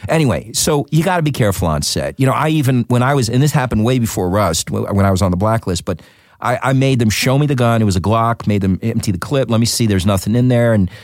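This actor speaks in a mid-range voice and talks fast, spinning animated anecdotes packed with fillers in a casual interview. It's recorded in studio quality, free of room sound.

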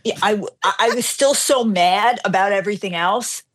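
A middle-aged woman hosts a radio show and tells her story in a chatty, animated voice. Her pitch sits in an ordinary middle range. She jumps into the quoted lines and pokes fun at herself. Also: moderate pace. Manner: animated, self-deprecating, acts out dialogue. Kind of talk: casual on-air storytelling.

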